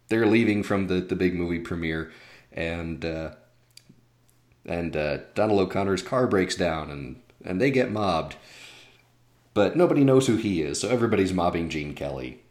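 Low-voiced man chatting about films. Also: normal speed, a little mellow. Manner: hesitant, many restarts and fillers. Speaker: podcast co-host. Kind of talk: casual film discussion.

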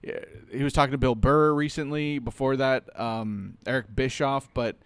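Blunt podcast co-host, man, mid-pitched, dry close mic, halting delivery. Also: steady tone, smooth, dry recording. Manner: blunt, halting, swears casually. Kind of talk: casual chat. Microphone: headphones and studio mic.

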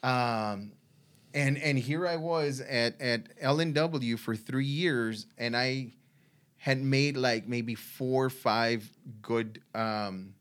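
A man, telling his faith testimony in a halting way, full of restarts and fillers. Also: medium pitch, a bit bright, clean tone. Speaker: guest sharing a faith testimony. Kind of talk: conversational storytelling.

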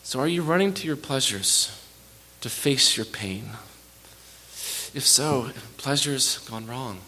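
A man's voice: medium pitch, lively intonation, slow pace, sharp tone. A man preaching a sermon as pastor, earnest and direct, often repeating words as he restarts a phrase.

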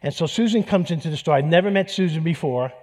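A man's voice: a little high, fast, darkish tone. A man preaching a sermon, telling personal stories in a conversational way. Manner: conversational, storytelling with restarts. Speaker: pastor.

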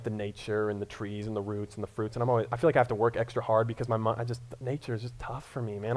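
A man's voice: mid-range voice, darkish tone. Conversational man preaching a sermon. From Colorado. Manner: conversational, self-deprecating, frequent stammered restarts. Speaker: pastor.

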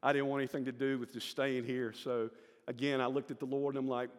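A man's voice: mid-range voice, flat delivery, fast talker, in a large hall. A man in his sixties with a Southern American accent gives a personal church testimony, telling stories in a folksy way and acting out the voices of the people in them. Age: 60s.

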